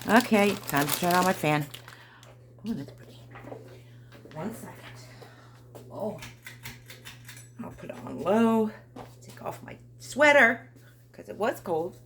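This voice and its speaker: A woman's voice: medium pitch, slight background noise. A woman, chatting to herself and viewers while she makes a craft at home, in a chatty, self-deprecating way. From New Jersey. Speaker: craft vlogger. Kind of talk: casual craft-along chat.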